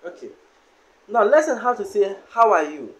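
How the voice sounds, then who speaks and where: A man teaching a language lesson, saying each word slowly and repeating it several times. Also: sits high, sing-song.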